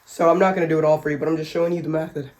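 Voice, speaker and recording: She talks very fast in a low, slightly mellow voice with fairly even intonation. As a family vlogger recording in an echoey home room, she demonstrates simple workouts despite being sick and breathless, chatting, cracking jokes, and laughing at her own expense.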